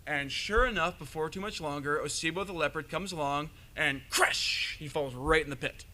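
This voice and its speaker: A man's voice: fairly high pitch, normal speed. A man telling a myth at a live panel in a casual, jokey way with a few fillers. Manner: animated, jokey retelling with fillers. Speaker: panelist storyteller. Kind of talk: live storytelling to an audience. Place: convention panel room.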